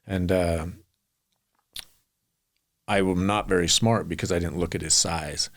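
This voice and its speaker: A middle-aged man speaks in a deep, gravelly voice as he tells long stories as a podcast guest. He rambles earnestly from one memory to the next, often acting out what other people said. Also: fairly even intonation, unhurried. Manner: earnest, rambling anecdotes with acted quotes. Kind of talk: storytelling in a podcast interview.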